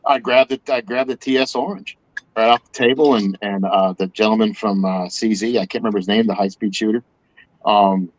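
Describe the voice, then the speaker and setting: A man's voice: lowish voice, steady tone, brisk, poor audio. A man guest on a podcast talking in a self-deprecating way, stumbling over and repeating his words. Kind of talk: casual chat.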